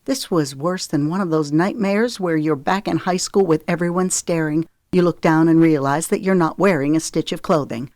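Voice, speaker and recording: A woman narrating an audiobook in a steady, even storytelling manner. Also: sits low, normal speed, hardly any pauses, dry recording, clean studio sound. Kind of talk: scripted narration.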